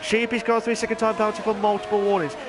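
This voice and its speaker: A man giving chatty live commentary on an online racing league, rambling and then bursting into excited shouts. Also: sits high, fast, noisy background. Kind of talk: live esports race commentary.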